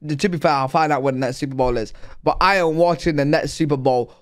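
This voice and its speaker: A man's voice: on the high side, fast talker, smooth. A young British man reacting to sports clips with hyped, slangy, swearing commentary. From Britain. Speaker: reaction video host. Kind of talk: excited casual reaction commentary. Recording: music playing loud behind voice. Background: hip hop music.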